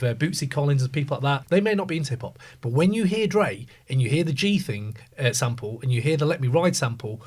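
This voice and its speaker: A man in a casual podcast debate, talking with animated emphasis and plenty of swearing. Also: fairly high pitch. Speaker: podcast panelist.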